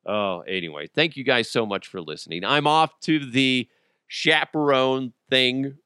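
A man's voice: medium pitch, unhurried, sharp tone, clean tone, no room sound, clean studio sound. A man hosting a solo podcast, rambling casually with lots of swearing and jokes. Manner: profane, joking, rambling. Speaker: podcast host.

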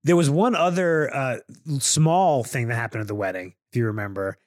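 In clean studio sound with no room echo, a man in his thirties co-hosts a casual podcast chat in a mid-range voice at moderate pace. He's lively, laughs often, and keeps asking follow-up questions.

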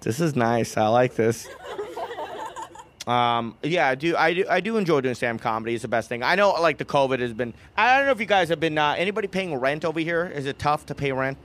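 A young man working through a stand-up set, his voice a touch high as he rambles and chuckles at his own lines. The room sound of a live club sits behind him with a faint hiss. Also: animated, fairly quick, fairly bright tone. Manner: loose, rambling, laughing at own jokes. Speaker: stand-up comedian. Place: comedy club with live audience.

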